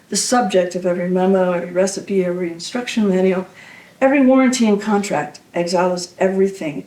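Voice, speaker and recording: A woman poet reads her work aloud in a measured, intimate way, her voice often sinking to a near hush. Her tone is dark and mellow. She is heard from a distance in a roomy, echoing university hall. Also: medium pitch. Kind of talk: poetry reading. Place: university reading venue.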